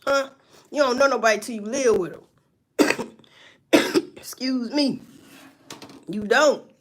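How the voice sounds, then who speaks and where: A woman's voice: on the high side, takes it slowly. A woman, ranting casually to viewers, swearing and telling stories with laughs. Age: 40s. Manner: loud, swearing, animated storytelling with laughs.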